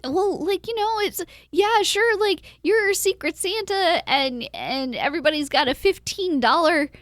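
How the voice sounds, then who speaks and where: A woman's voice: very high-pitched, lively intonation, a little slow, no echo, studio quality. A woman co-hosting a podcast in casual chat, rambling with lots of fillers and acting out her own quotes. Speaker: podcast co-host.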